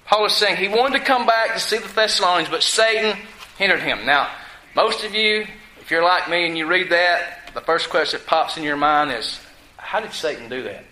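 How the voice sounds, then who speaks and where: A man's voice: high-pitched, normal speed, sharp tone, reverberant, slight background noise, rough recording. A man preaching a sermon who keeps asking his congregation questions and answering them himself. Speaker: pastor.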